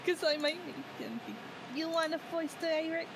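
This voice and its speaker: A player at a tabletop game chatting casually, excitable and playful. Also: very high voice, brisk, gravelly, a little hiss or hum.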